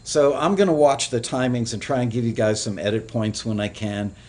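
A man hosting a music production show, giving relaxed, rambling advice with many fillers. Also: medium pitch, brisk. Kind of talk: casual instructional talk.

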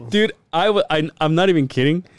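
A man's voice: a little high, a little fast, smooth, dry recording. A man co-hosting a podcast, telling a story in casual chat, acting out what people said, swearing and laughing often. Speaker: podcast co-host.

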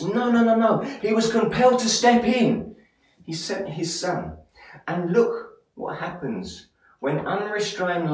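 Guy preaching a passionate sermon, kinda high voice, super echoey church sound from far off. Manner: passionate preaching, rising loud on emphasis. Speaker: pastor. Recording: echoey church hall, mic at a distance.

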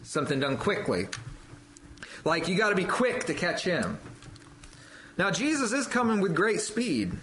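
Fervent male preacher, very animated delivery, lines repeated for stress. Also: sits high, low-quality recording. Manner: fervent, rising to loud emphatic peaks on quoted scripture; repeats phrases for emphasis. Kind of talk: sermon.

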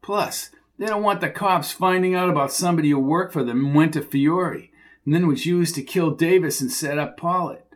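A man voicing a pushy, streetwise male hustler who needles and talks in quick bursts. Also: a little high, voice pushed up, natural voice. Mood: urgent, needling.

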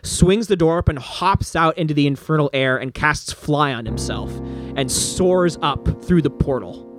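A man narrating as game master in a tabletop game, brisk and descriptive, with fillers. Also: on the high side, music in the background.

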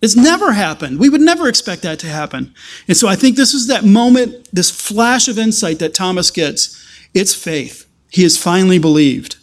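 A man with a high voice and big pitch swings preaches with earnest, halting delivery, his many restarts giving way to bursts of emphasis.

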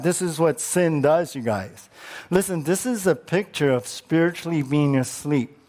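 Lively male pastor preaching conversationally. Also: high-pitched. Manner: conversational preaching with rhetorical questions. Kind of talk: sermon.

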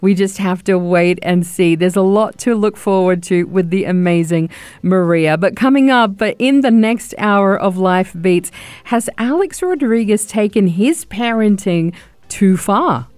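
A woman's voice: mid-range voice, darkish tone, smooth, dry recording. Upbeat woman radio host. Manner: upbeat, quick questions and teasers. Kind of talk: radio show presenting.

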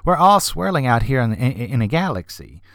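A man imitating a dreamy, philosophical male jazz musician who muses in a soft, halting, stammering way. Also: mid-range voice, very animated, no room sound, studio quality. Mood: musing.

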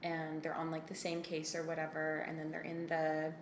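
Woman co-host with a slightly low voice, easygoing chat, echoey room. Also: completely flat delivery, normal speed. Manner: easygoing, thinking aloud. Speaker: podcast co-host. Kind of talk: casual chat. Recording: echoey room, faint noise.

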